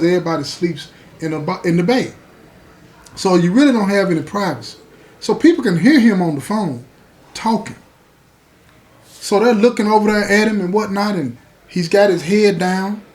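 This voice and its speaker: High-voiced man telling a story. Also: animated, moderate pace, long pauses, darkish tone. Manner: folksy, repeats "you know what I'm saying". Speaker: podcast host. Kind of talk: conversational storytelling.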